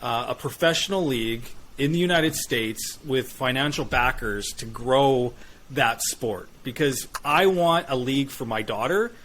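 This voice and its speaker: A man's voice: mid-range voice, animated, a little slow, fairly bright tone, slight background noise. A man from northern Canada hosting a podcast, talking in a rambling, friendly way with many fillers. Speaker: podcast host. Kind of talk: casual interview chat.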